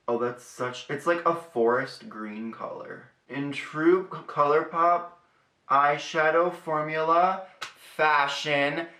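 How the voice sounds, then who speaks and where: A man's voice: mid-range voice, noisy background. A young man chatting casually through a makeup tutorial in a sassy, profane, chatty way. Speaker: beauty vlogger. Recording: echoey room.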